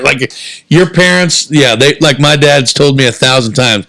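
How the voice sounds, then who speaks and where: Gravelly, bright-voiced Indiana guy telling a story. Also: mid-range voice, normal speed, no echo. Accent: Southern Indiana. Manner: animated storyteller, swears freely, acts out quoted voices. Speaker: podcast co-host. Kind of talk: casual storytelling chat.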